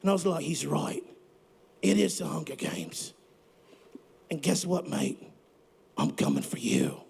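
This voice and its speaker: A man's voice: fairly high pitch, unhurried, creaky, a little mellow, slightly rough, voice pushed down, heavily acted. A man putting on a cocky British rocker persona with an accent that drifts toward Australian, trash-talking during a live podcast interview. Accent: put-on British-Australian accent. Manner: swaggering, cocky trash talk. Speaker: musician guest.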